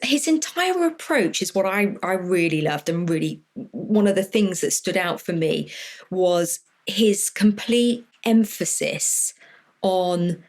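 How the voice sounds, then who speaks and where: A woman co-hosts a podcast in a casual chat, speaking gently and with appreciation. She restarts her phrases often as she gathers her thoughts. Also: on the low side, lively intonation, slow pace. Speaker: podcast co-host.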